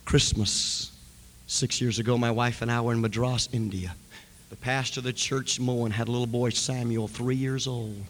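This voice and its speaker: A man preaching a passionate sermon, telling a story with dramatic swings from shouting to hushed whispers. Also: medium pitch, fairly even intonation, normal speed. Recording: long hall reverb, faint background noise.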